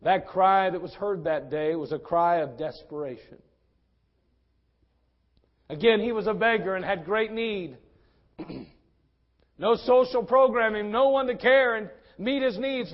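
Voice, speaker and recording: Male pastor, high-voiced, impassioned sermon delivery, dull lo-fi church recording. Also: a little slow, pauses often. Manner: impassioned preaching with big swings in loudness.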